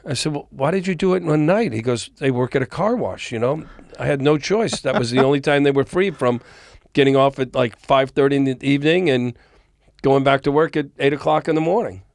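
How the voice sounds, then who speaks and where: A man in a podcast interview, spinning stories from his years in the music business and slipping into the voices of the people he quotes. His pitch sits in an ordinary middle range, and the sound is dry and close, with no room around it. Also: fairly quick, no room sound. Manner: animated storyteller, acts out quoted dialogue. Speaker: podcast guest, music industry executive. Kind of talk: storytelling interview. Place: recording studio.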